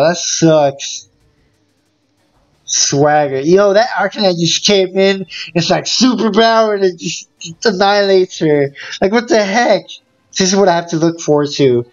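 A gaming YouTuber giving casual let's-play commentary, excitable and full of exclamations and groans. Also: mid-range voice, dull audio.

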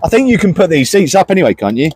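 A man's voice: high voice, sing-song, fast talker, noisy background. A man hosting a car walkaround, joking and teasing his co-host in playful banter.

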